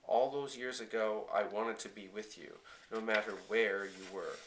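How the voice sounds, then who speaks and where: Male reader as a wounded, proud farmer dad from a storybook, soft and low, bright tone. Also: normal speed, slight background noise, close to an everyday voice, low-quality recording. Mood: aching, soft. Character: hurt, proud grown farmer father with a cane.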